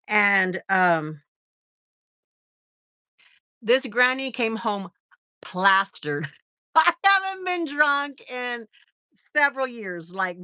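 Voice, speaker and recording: A woman's voice: medium pitch, bright, forceful tone, dry recording. A woman, chatting casually on a livestream, rambling with lots of fillers and gushing thanks. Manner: gushing and effusive when thanking viewers. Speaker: livestream host.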